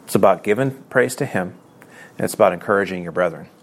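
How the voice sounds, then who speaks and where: Middle-aged male preacher, low gravelly voice, earnest and chatty, repeats lines for emphasis. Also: quick pace. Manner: earnest, conversational, self-deprecating, repeats phrases. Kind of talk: sermon.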